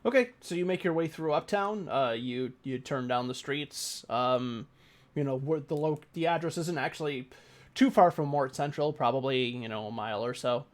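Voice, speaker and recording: Halting male game master. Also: mid-range voice. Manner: halting, with many fillers. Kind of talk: narrating a tabletop game.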